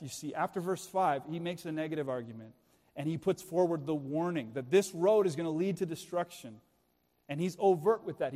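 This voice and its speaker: A man's voice: a little high, dark tone. A middle-aged man preaching a sermon in a church, earnest and urgent, pressing his listeners with pointed questions. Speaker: pastor. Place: church sanctuary. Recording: long hall reverb.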